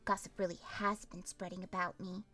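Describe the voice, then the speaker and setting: A woman streaming a visual novel, reading it aloud and reacting with animated, theatrical comments. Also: fairly low pitch, a little fast, dry recording, soft background music.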